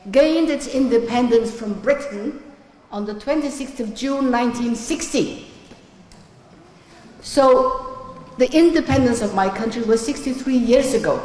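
A woman from Somaliland giving a public speech as the guest speaker, audibly emotional. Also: a little high. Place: large hall at a community event. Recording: echoey hall with audience.

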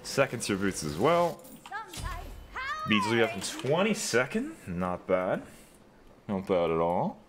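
A man's voice: fairly low pitch, huge pitch swings, slow pace, long pauses, background noise. A young man giving live commentary over his own game, trash-talking opponents and joking with heavy profanity. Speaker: gaming content creator.

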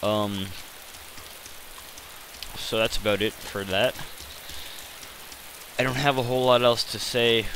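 A man's voice: mid-range voice, fairly even intonation, slow, pauses often, noisy background. A man giving rambling, self-deprecating commentary over his gameplay, hesitant and full of fillers. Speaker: gaming channel host.

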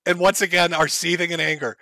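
A man's voice: on the high side, steady tone, brisk, creaky, sharp tone, no echo. A male streamer host giving crude, sarcastic commentary on clips, laughing at them.

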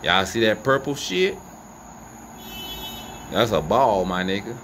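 A man narrates from outdoors at night, filming on his phone and talking straight to his viewers. His pitch leaps up and down as he exclaims, swears and questions. Loud crickets, insects and passing cars fill the background. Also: slow. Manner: animated, profane, incredulous, talks to viewers. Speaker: vlogger filming the night sky. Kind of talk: excited live commentary. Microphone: phone camera. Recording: noisy outdoor phone recording. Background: crickets and insects, passing vehicles.

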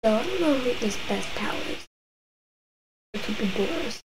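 A woman's voice: a little high, animated, moderate pace, noisy background. A woman streamer giving casual commentary while playing a game at home, reacting and exclaiming to herself as she goes. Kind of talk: casual let's-play commentary. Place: home room at a desk.

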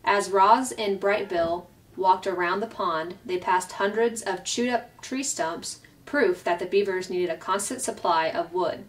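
A woman reading a children's novel aloud at a steady, clear pace. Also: mid-range voice, measured pace, few pauses. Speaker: storyteller. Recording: voice picked up from a distance.

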